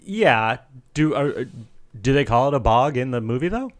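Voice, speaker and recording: A podcast co-host recounts a tale in an easygoing, dry manner, swearing now and then. His voice sits at an ordinary middle pitch. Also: normal speed. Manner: relaxed, dry, swears casually. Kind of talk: casual storytelling chat.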